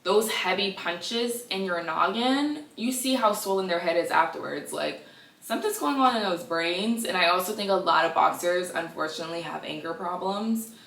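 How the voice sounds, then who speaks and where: A woman in her twenties hosting a casual gossip podcast, chatty and animated with sassy asides. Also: lowish voice, normal speed, gravelly, distant mic. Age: 20s. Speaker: podcast host. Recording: echoey room, a bit off-mic.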